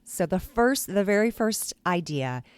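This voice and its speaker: A woman, a teacher hosting a podcast, telling animated stories from school in a chatty way, full of "like" and acted-out quotes. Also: medium pitch, a little slow, no room sound. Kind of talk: casual podcast storytelling.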